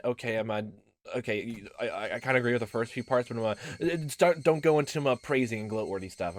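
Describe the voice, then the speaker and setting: A man's voice: medium pitch, fast talker. A young man hosting a let's play, reading a visual novel aloud and breaking off into rambling, self-correcting asides. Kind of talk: casual game commentary and reading.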